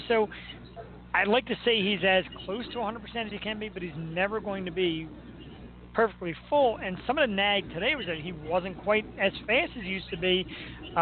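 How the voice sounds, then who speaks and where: A man from Philadelphia hosts a casual sports talk show with a high voice and a lot of enthusiasm. He chats freely and laughs easily. The audio is thin and tinny like a phone line, with faint background noise. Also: brisk. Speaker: show host.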